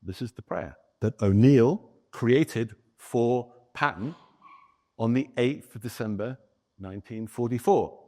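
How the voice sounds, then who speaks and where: A man giving a lively historical lecture as a guest author, telling a story and talking with the audience in the room. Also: mid-range voice, unhurried. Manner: animated storyteller, chatting with the audience.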